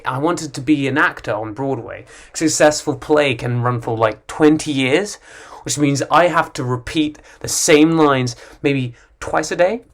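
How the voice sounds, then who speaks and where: A young man reading stand-up jokes for his channel, giggling and stopping to redo bits. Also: medium pitch. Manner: giggly, self-interrupting, restarts bits. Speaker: beginner YouTuber doing stand-up. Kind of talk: casual stand-up reading with asides.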